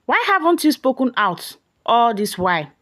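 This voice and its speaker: Woman doing a calm gentle young son. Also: fairly high pitch, moderate pace, voice pushed up.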